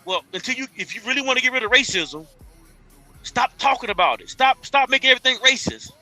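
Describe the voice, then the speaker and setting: Male panelist, quick and piercingly bright, emphatic with many restarts. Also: extremely high pitch, expressive, faint music behind. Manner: emphatic, stumbles and restarts while arguing. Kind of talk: casual debate chat.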